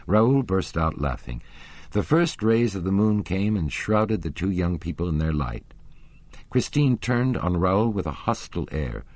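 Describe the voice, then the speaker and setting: A male audiobook narrator with a very deep, husky voice. His delivery is expressive and measured, swinging through a wide pitch range as he tells the story. The recording is dry and close. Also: no echo. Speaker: audiobook reader.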